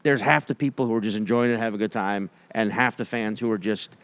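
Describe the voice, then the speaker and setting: A man in his thirties co-hosting a comedy podcast, telling stories in an animated way and swearing freely. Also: on the low side, fast, clear, resonant tone, no room sound. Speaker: podcast co-host. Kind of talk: casual comedic chat.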